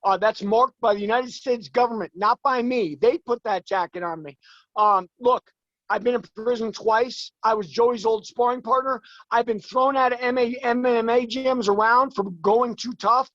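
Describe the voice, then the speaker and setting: A man in his forties, a guest in an interview, talking emphatically and fast, his voice climbing as he gets worked up. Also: very high-pitched, steady tone, a bit bright, no room sound, lo-fi sound. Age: 40s. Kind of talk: heated interview talk.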